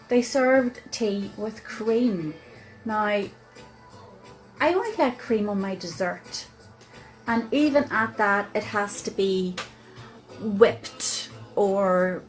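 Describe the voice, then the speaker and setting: Northern irish woman vlogging, slow and chatty with lots of ums, faint music behind. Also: medium pitch, low-quality recording. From Northern Ireland. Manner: slow, chatty, with many pauses and fillers. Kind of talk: casual storytelling to camera.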